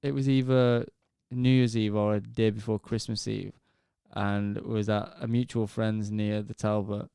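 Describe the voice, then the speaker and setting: A man's voice: fairly low pitch, level tone, normal speed, creaky, mellow, clear, resonant tone, no room sound, clean studio sound. A man, co-hosting a podcast in casual chat, telling short stories and laughing often. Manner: laughs often, chatty, calls people mate. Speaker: podcast co-host.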